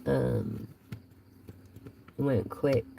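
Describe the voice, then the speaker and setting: A woman's voice: extremely low pitch, drawn-out words, creaky, mellow, a little hiss or hum, low-quality recording. A woman giving a casual live tarot reading, chatty and rambling as she talks straight to her viewers. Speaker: tarot reader.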